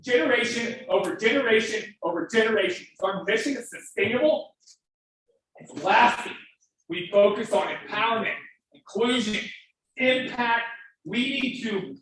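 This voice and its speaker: A man's voice: high-pitched, a bit bright. Fervent man in an echoey hall. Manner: fervent, emphatic, breaks into emotion. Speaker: fundraiser speaker. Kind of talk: live fundraising appeal. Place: event hall. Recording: very echoey hall, distant, faint noise.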